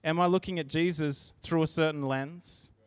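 An earnest man preaching a sermon in a church, his voice sitting a bit high for a man. He talks in a conversational way and restarts his sentences as he goes. The recording is dry and close, with little room sound. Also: fairly even intonation, normal speed, clear, resonant tone, no room sound.

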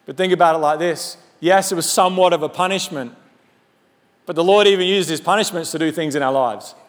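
A pastor preaching a sermon in an animated, conversational way with humorous asides. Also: male voice, a little high, a little fast. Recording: long hall reverb.

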